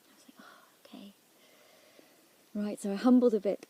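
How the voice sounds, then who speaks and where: Woman, reflective faith testimony; husky, half-whispered delivery, searching and unhurried. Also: mid-range voice, fairly even intonation, dry recording. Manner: soft-spoken, drops often into near-whispers; halting and searching, with restarts. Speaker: Christian speaker sharing a prayer experience.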